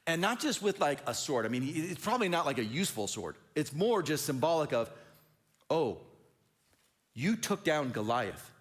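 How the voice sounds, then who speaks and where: Animated male pastor preaching. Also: on the high side, fast talker, few pauses. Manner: conversational, animated storytelling with fillers. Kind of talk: sermon.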